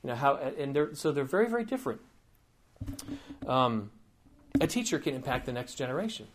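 A man's voice: mid-range voice, very animated, fairly quick, slight background noise. A man giving a conversational teaching sermon, informal and digressive, with frequent asides and light humor.

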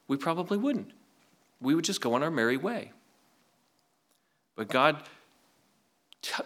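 Man, pastor, sermon, bright forceful voice, rhetorical questions, reads scripture aloud. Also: medium pitch. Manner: conversational preaching with rhetorical questions.

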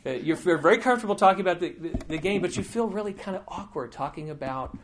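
A man's voice: high voice, expressive, fast talker, background noise. A man preaching a sermon as a teaching elder, telling a story earnestly with many fillers and restarts. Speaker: pastor.

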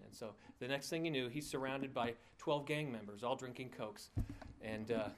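A man's voice: mid-range voice, moderate pace, few pauses. A man preaching a sermon, telling a story in a conversational way with frequent fillers and restarts, and chuckling at his own asides. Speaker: pastor.

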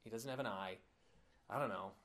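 A pastor preaching a sermon, telling a personal story in an earnest, heartfelt way. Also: male voice, fairly low pitch, fairly quick, a bit bright.

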